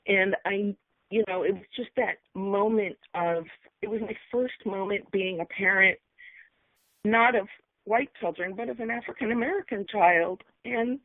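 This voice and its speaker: A middle-aged woman sharing a personal account on a call, halting and emotional, with many fillers. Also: mid-range voice, dry recording. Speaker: webinar speaker. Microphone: phone line. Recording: tinny phone line, dry.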